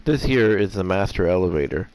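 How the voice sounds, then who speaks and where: A man giving rambling, hesitant commentary on a game he plays, often clearing his throat as his voice gets rough. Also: sits low, lively intonation, a little fast, a little mellow. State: voice getting rough. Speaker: gameplay commentator. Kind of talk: casual let's-play commentary.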